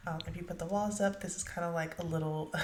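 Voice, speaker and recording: A woman's voice: lowish voice, steady tone, quick pace, slight background noise. A woman casually narrating her gameplay, chatting directly to her viewers. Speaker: let's play narrator. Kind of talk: casual game commentary. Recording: echoey room.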